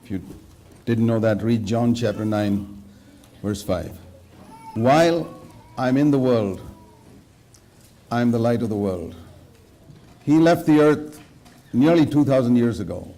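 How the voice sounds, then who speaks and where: A man's voice: mid-range voice, a little slow, pauses often, warm tone. A man preaching a sermon in an earnest way, quoting scripture and questioning his listeners directly. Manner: quotes scripture verse by verse.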